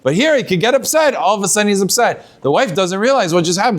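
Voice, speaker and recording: A man's voice: high voice, sing-song, fairly quick. A man, a rabbi, giving a weekly Torah talk, telling stories and acting out the people in them, with Hebrew words mixed into his English. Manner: storytelling, acts out quoted voices, mixes in Hebrew words.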